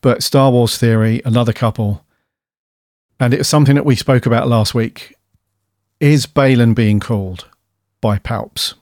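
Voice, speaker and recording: A podcast co-host who thinks aloud, hedging and rambling through his questions. His voice is mid-pitched and recorded on a close studio mic, dry and without any room sound. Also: steady tone, normal speed, darkish tone, dry recording. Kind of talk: casual chat. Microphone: studio dynamic mic.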